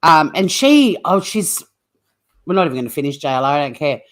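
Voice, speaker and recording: A woman's voice: deep voice, sing-song, fairly quick. A woman hosting a true crime channel, chatting casually and bluntly on a livestream, swearing freely and rambling as she reacts to live chat.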